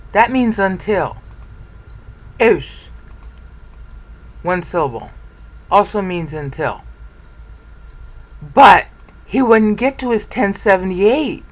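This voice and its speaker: Presenter, mid-range voice, casual lecture, excitable, volume rises and fades. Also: mid-range voice, poor audio. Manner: excitable, lively, thinks aloud. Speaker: Bible study presenter. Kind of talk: informal screen-share lecture.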